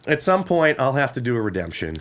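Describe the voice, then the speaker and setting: A man's voice: medium pitch, sing-song, fast talker, fairly bright tone. A man hosting a podcast in easygoing, casual chat. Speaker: podcast host.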